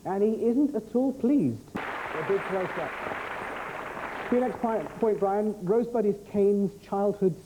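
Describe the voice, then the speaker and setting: A man hosting a TV quiz show, reading questions with brisk, jokey patter. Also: sits high, background noise.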